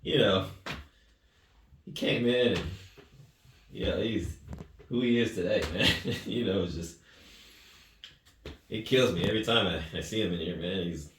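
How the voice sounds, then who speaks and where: A man's voice: deep voice, unhurried, pauses often. A man, a youth weightlifting coach, telling a long story in casual interview talk. He rambles earnestly and ends phrases with "right?" and "man". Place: gym. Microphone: distant mic. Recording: echoey gym recorded from a distance, faint noise.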